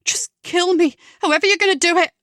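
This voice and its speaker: A woman's voice: sits high, a little fast, dry recording, studio quality, pitched above the performer's own voice, close to an everyday voice. A woman voicing a frightened, resigned young woman held captive, pleading in a strained voice. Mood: desperate.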